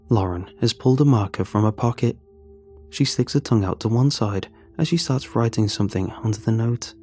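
A man's voice: fairly low pitch, fairly quick, warm tone, slightly rough, faint music behind. A man narrating a first-person story in an earnest, emotional way.

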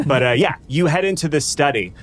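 A man's voice: fairly high pitch, lively intonation, slight background noise. A man narrating a tabletop game as game master, stopping and restarting often. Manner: halting, many fillers and restarts.

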